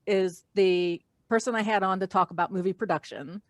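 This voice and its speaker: A woman's voice: medium pitch, moderate pace, no echo. A woman hosting an art podcast, chatting casually and giving friendly tips to her listeners as she wraps up. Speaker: podcast host. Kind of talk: casual chat.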